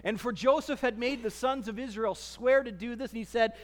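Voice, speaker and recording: A man preaching a sermon, acting out the people he quotes and swinging from loud to soft. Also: extremely high pitch, a little fast. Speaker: pastor. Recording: long reverb of a large hall.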